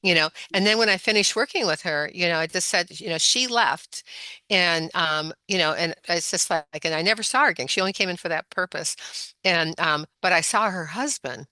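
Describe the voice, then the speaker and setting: A woman with a somewhat low, bright and forceful voice, captured on a dry close mic. She tells anecdotes in a loose, rambling way, looping back with "you know" as she goes. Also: moderate pace, dry recording. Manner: rambling, animated storytelling with many "you know"s. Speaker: guest, functional medicine practitioner. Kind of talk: storytelling interview.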